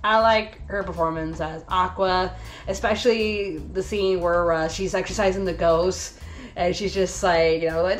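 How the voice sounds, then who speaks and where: A woman's voice: lowish voice, fairly even intonation, unhurried, a little hiss or hum. A woman hosting a casual anime review video, chatty and enthusiastic with lots of fillers.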